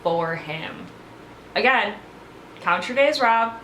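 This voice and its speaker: A woman's voice: mid-range voice, expressive, slow, fairly bright tone, a little hiss or hum. A woman giving a casual, opinionated recap of a reality show, blunt and sarcastic, swearing freely. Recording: echoey room.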